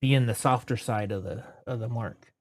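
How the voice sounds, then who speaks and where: A man in his late forties spins loose, rambling stories in an easy, mid-pitched voice. He corrects himself mid-sentence and keeps moving. The recording is dry and close, with no room sound. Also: normal speed, no echo. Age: 40s. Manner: rambling, self-correcting, laughs between anecdotes; puts on voices when quoting people. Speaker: interview guest. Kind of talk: storytelling in casual interview.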